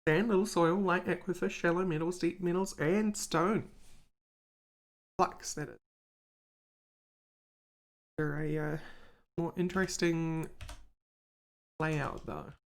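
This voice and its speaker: A woman's voice: on the low side, steady tone, takes it slowly, long pauses. A woman streaming a game live, chatting casually and thinking aloud to her viewers.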